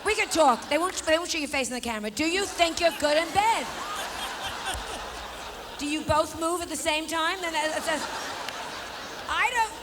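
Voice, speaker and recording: A woman with a high voice delivers a brash stand-up routine and talks straight to people in the crowd, often asking them questions. Clear noise runs under the live stage recording. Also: expressive, moderate pace, long pauses. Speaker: stand-up comedian. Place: stage before a live audience.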